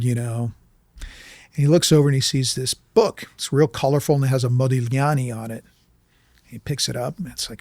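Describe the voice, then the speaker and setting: A man in an interview, telling a story loosely and with energy and slipping into the voices of the people in it. His pitch sits in the middle, and the dry recording keeps him close and clear. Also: no echo. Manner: animated, acts out voices in anecdotes. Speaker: documentary filmmaker guest. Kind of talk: casual storytelling.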